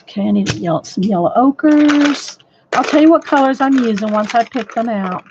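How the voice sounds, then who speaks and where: Her voice a little high with lively intonation, a woman chats at normal speed while teaching colored-pencil drawing on a live stream. She rambles with many restarts and speaks to viewers by name; there's a faint crackle in her voice, and the desk microphone sounds dull, dry and lo-fi.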